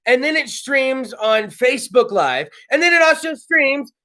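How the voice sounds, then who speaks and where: A man hosting his casual comedy chat show from home, loud and joking. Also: very high-pitched, sing-song, a little slow. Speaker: podcast host. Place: home studio.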